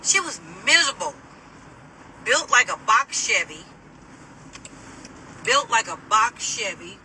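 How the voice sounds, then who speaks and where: A middle-aged woman telling a personal story to camera in a casual, animated, sassy way, laughing as she mimics people. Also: a little high, takes it slowly, creaky, distant mic, slight background noise, poor audio.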